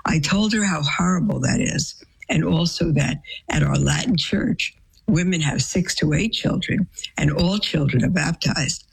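A woman, a nun, reads listener letters aloud and answers them with gentle advice. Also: low-pitched, unhurried, creaky, slightly rough, poor audio. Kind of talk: advice show reading letters.

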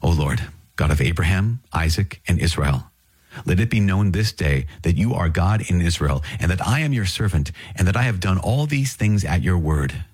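A man's voice: deep voice, lively intonation, moderate pace, darkish tone, breathy edge, no echo, clean studio sound. A man reading as a stern commanding prophet. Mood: fervent prayer. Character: stern, bold male prophet. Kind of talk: scripture reading.

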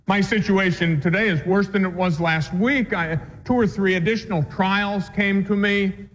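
A man's voice: high-pitched, fairly even intonation, normal speed, big-room sound, highs cut off, slight background noise, voice pushed up, natural voice. A man doing an upset, complaining woman. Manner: anxious, complaining. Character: distressed woman complaining to her priest.

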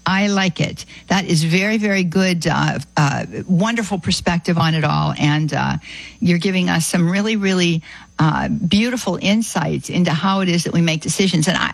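A woman's voice: fairly low pitch, creaky, no room sound, rough recording. A woman hosting a call-in radio show, talking in an effusive, heartfelt way and thanking callers over and over. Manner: warm, effusive, repeats "beautiful" often. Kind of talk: Catholic radio call-in chat.

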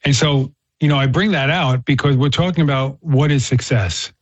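A man's voice: mid-range voice, moderate pace, husky, no echo. A man talking earnestly about faith and telling a story, often repeating words as he restarts. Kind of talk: casual faith-based chat with storytelling. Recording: dull, slightly muffled sound.

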